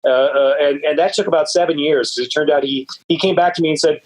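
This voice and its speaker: A man guest on an interview show, telling stories in a loose, rambling way with many "uh"s and repeated words, and lively jumps in pitch when he quotes people. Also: fairly quick, rough recording. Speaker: guest author. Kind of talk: casual interview storytelling.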